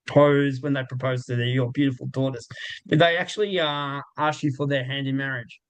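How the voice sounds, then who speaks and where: A man's voice: mid-range voice, steady tone, a little fast, smooth, dry recording. An Australian man, a football commentator, chatting cheerfully with a ready laugh. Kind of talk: casual chat.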